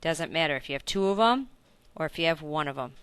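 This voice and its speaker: A woman gives a recorded grammar lesson with a bright, clean voice. She walks through each point patiently, asks if it makes sense, and fixes her own slips as she goes. The sound is close and dry. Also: sits low, animated, fast talker, clear, resonant tone, no echo. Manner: explains step by step with frequent self-corrections and check-in questions. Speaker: Spanish teacher.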